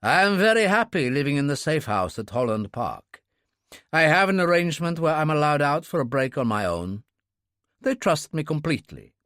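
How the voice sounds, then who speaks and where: A man's voice: a little high, sing-song, moderate pace, fairly bright tone, no echo, clean studio sound. A man voicing a cold, calculating male Russian agent who speaks curtly and with control.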